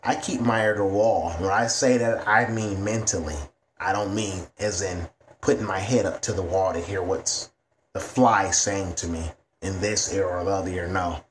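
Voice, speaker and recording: A man's voice: sits low, steady tone, moderate pace, slight background noise. A man ranting to camera in a vlog, blunt and heavy on profanity. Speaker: vlogger.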